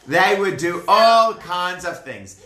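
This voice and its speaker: A man's voice: sits high, animated, slow pace, pushed and bright. A man telling a Bible story to children in a chatty way, asking them questions, in a room with children listening. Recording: roomy echoey room.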